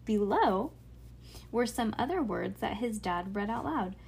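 A woman's voice: medium pitch, animated, a little slow, creaky, a little mellow. A woman reading a children's book aloud in a casual, unpolished way. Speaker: reader.

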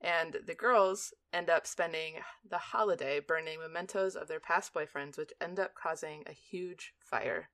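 A woman's voice: low voice, moderate pace, hardly any pauses, fairly bright tone. A young woman co-hosting a podcast in casual chat, giggly, reading out summaries. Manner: giggly, reads episode summaries. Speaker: podcast co-host.

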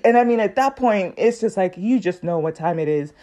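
A woman's voice: medium pitch, a little fast. Chatty woman telling a story. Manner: animated, acts out other people's lines in quoted voices. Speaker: podcast host. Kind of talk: casual storytelling monologue.

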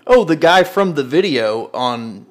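A man's voice: on the high side, expressive, a little slow. A man co-hosting a casual sports podcast in an easygoing, laid-back way. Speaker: podcast co-host.

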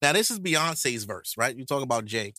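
A man co-hosting a casual podcast, joking crudely and bantering with big animated swings. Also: medium pitch, moderate pace, no room sound, studio quality. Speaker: podcast co-host.

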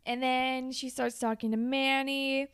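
A woman's voice: sits high, flat delivery, measured pace, a bit bright, smooth. A woman co-hosting a casual TV recap podcast, laughing and swearing freely as she retells scenes. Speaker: podcast co-host.

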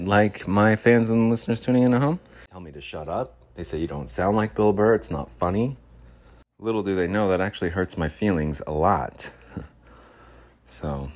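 Man, very low voice, solo podcast host, rambling, chuckling asides. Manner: meandering, chuckling asides, self-mocking.

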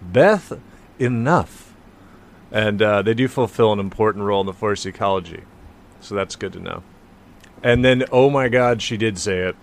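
A man's voice: lowish voice, steady tone, brisk, creaky. A man co-hosting a podcast in casual comedic chat, laughing often and mocking quotes he reads aloud. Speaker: podcast co-host.

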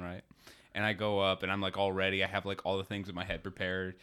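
A man's voice: sits low, steady tone, quick pace, fairly bright tone, smooth. A man co-hosting a comedy podcast, swearing casually while telling loose anecdotes. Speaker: podcast co-host.

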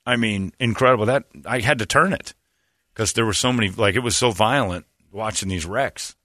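A man's voice: lowish voice, moderate pace, dry recording, studio quality. A middle-aged man hosting a show, chatting casually and acting out the people in his stories. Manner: animated storyteller who acts out the people in his stories. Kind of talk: casual studio banter.

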